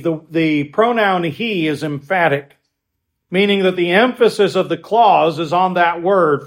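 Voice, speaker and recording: A man preaching a sermon with emphatic stresses and quiet asides, stopping now and then to restart a phrase. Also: fairly high pitch, animated, normal speed. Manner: swings between loud stresses and quiet asides. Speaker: pastor.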